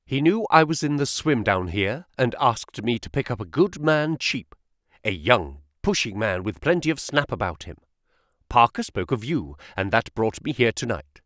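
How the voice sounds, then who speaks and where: Arthur Pinner, a man doing a brisk flattering agent. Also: medium pitch, no echo, clean studio sound. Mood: persuasive. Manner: quick, sharp, flattering and excitable. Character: brisk, smooth-talking male financial agent. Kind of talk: audiobook character voice.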